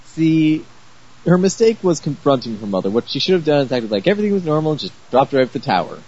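A man's voice: fairly high pitch, big pitch swings, fast, darkish tone, slightly rough, muffled recording. A man casually riffing on a movie with dry, sarcastic remarks. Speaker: movie commentator.

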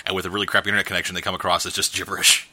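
A man's voice: sits low, little pitch movement, rapid-fire, bright, forceful tone. A man hosting a casual podcast, trading sarcastic jokes with his co-host. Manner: joking, sarcastic banter.

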